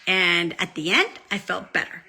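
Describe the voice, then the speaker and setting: Woman, 30s, vlogger; casual, chatty, bright tone, playful quoting. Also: lowish voice, normal speed, husky. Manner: chatty, animated, acts out quotes. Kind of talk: casual chat to camera.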